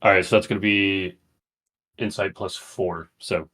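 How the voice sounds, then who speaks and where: A man's voice: low voice, fairly even intonation, unhurried, sharp tone. A man playing a tabletop game, describing his character's actions in a laid-back, matter-of-fact way. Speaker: player.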